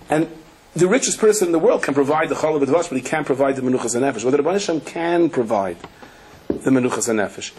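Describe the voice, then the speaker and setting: Man, rabbi, Torah lecture, husky voice, storytelling, rhetorical questions, wry asides. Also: mid-range voice, darkish tone, poor audio. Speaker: rabbi teaching a weekly Torah class. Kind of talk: Torah lecture to a live audience.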